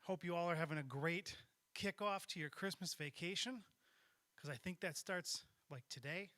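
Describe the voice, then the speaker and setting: A man hosting a youth group gathering in a casual welcome address, excited and upbeat, a little out of breath. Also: a little high, normal speed.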